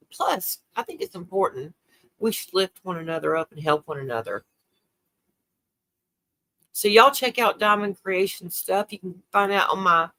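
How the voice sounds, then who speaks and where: Older woman hosting her own livestream, gravelly and bright, emotional and chatty. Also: sits low. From South Carolina. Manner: emotional, tearful, reads and answers viewer comments. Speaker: livestream host. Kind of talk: casual livestream chat.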